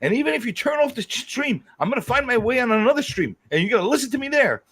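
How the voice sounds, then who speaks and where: Husky, fired-up man ranting. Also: very high voice, sing-song, fast, fairly bright tone. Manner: profane, fired-up, repeats himself as he rants. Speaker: livestream host. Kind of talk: heated livestream rant.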